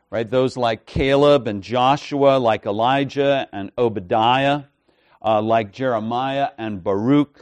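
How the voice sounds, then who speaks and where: A man delivers an expository sermon in a measured, emphatic way, frequently checking in with "right?" and "okay?". His voice is medium in pitch and a bit mellow, with no echo.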